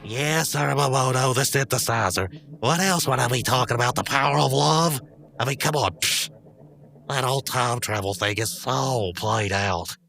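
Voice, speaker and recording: A woman's voice: rumbling low, normal speed, fairly bright tone, a little hiss or hum. A woman co-hosting a podcast, improvising a comedy sketch in a rambling, flustered way. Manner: rambling, flustered comic delivery. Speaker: podcast co-host.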